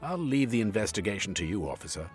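A man voicing a nervous, genteel gentleman who speaks in a polite, formal and slightly hesitant way. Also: fairly low pitch, very animated, fast, faint music behind, voice pushed up.

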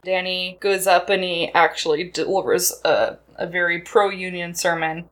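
A woman's voice: lowish voice, a little slow, fairly bright tone. Chatty woman podcast host. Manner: chatty, laughs often, acts out quotes in voices. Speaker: podcast co-host recapping a film. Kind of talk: casual chat.

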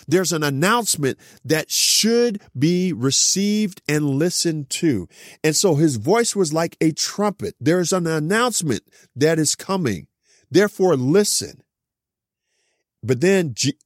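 A middle-aged man preaching a Bible teaching, reading scripture slowly and then explaining it with personal stories. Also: fairly high pitch, no room sound, studio quality.

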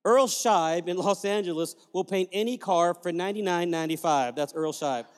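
A man's voice: high voice, moderate pace. A man preaching a sermon as pastor, telling family stories with sudden joyful whoops. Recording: long reverb of a large hall.

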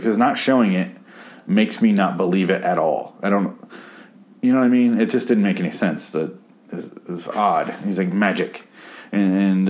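A man's voice: low voice, darkish tone. A young man rambling through a sarcastic, profane recap of a TV episode. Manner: rambling, sarcastic, swears a lot.

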